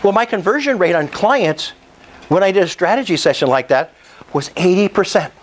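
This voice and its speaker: At an investors' meetup, a high-voiced man gives a live sales pitch at normal speed, excitable and pushy, frequently asking the room whether it's cool. The audio quality is poor.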